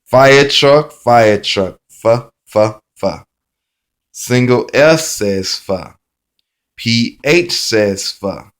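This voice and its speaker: A man teaching a phonics lesson, chanting each sound card in a slow, repetitive sing-song drill. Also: on the low side, expressive.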